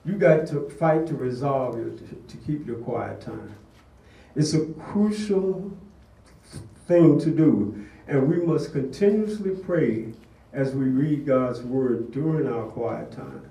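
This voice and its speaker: A man's voice: mid-range voice, lively intonation, measured pace, warm tone. An older man giving a sermon-style testimony, telling a story in an earnest way. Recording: echoey room, distant mic.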